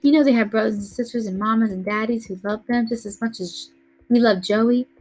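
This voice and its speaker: A woman's voice: fairly high pitch, brisk, a little mellow, voice pushed up, lightly acted, poor audio. A woman reading aloud voices an anxious young boy who pleads and protests in distress. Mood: protesting. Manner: pleading, upset.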